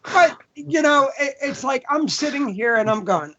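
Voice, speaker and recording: A man's voice: very high voice, animated, normal speed, a bit bright. Co-host guy joking around, muffled lo-fi sound. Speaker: podcast co-host. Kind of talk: casual chat.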